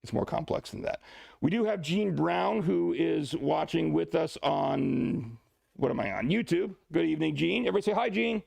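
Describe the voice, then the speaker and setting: A man with a high, gravelly voice and a slightly husky edge lectures a class. He jokes and turns to the students with asides. The sound is dry and close. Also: moderate pace, no echo. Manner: lively and joking, asides to the class. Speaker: teacher of a church class.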